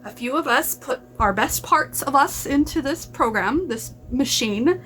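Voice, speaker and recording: A woman's voice: high-pitched, animated, a little slow, fairly bright tone, poor audio. A woman vlogging in casual chat to camera, rambling and repeating herself.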